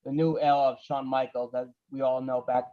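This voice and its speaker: A man's voice: medium pitch, flat delivery, a little fast. A man on a casual podcast panel, speaking emphatically and putting questions to the others. His sound is dull and lo-fi.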